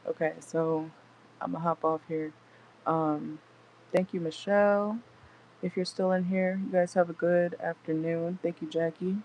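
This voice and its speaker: A woman's voice: low-pitched, lo-fi sound, slight background noise. Laid-back young woman reading tarot. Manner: laid-back, chatty, laughs often, swears casually. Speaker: tarot reader. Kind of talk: casual live tarot reading. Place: inside a car.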